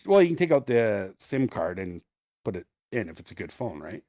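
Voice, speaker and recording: A middle-aged man, co-hosting a podcast, tells an animated, profane story in casual chat. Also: on the low side, normal speed, dry recording, studio quality. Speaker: podcast co-host.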